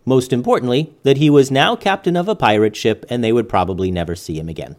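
Male host reading a kids' story, lively melodic delivery, expressive. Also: mid-range voice. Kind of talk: bedtime story narration.

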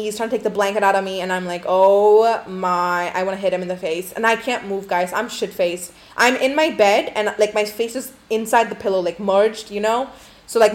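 Young woman host, casual profane storyteller, rambling and candid, filler-heavy delivery. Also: mid-range voice. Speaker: podcast host.

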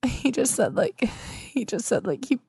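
Gravelly young woman podcast host. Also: fairly high pitch, lively intonation, normal speed, mellow, no echo, studio quality. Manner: indignant, laughing, says "like" a lot. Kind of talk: comedic podcast banter.

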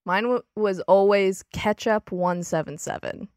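A woman's voice: medium pitch, steady tone, measured pace, darkish tone, no room sound, clean studio sound. A woman co-hosting a podcast, casually chatting and reading her old diary aloud with giggly, playful drama. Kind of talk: casual chat.

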